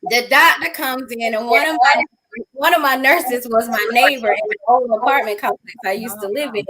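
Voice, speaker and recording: High-voiced woman telling her story animatedly. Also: normal speed, a crowd in the background, rough recording. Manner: acts out quoted dialogue in lively voices. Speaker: interview guest sharing a testimony.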